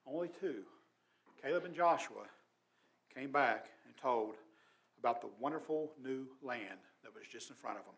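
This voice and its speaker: A pastor with a voice on the high side preaches a sermon earnestly and emphatically. His volume swells loud, then drops quiet.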